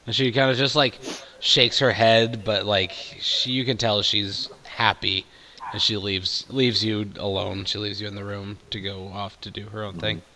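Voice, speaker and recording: A man running a tabletop game as game master, narrating with a halting, relaxed flow full of fillers. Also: fairly low pitch, a little hiss or hum.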